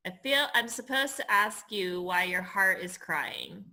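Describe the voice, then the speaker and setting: A woman's voice: mid-range voice, lively intonation, measured pace, sharp tone. A woman co-hosting a casual chat, recalling an experience in an earnest, emotional way with frequent laughter. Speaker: podcast co-host.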